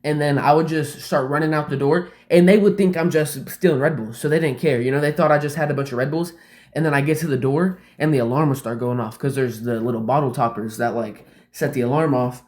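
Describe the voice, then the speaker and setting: Man spinning a loose, profane anecdote; mid-pitched, casual, recorded in a roomy space. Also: a little fast, a little mellow. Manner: rambling, fills speech with "like" and swearing. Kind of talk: casual storytelling. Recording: roomy echo.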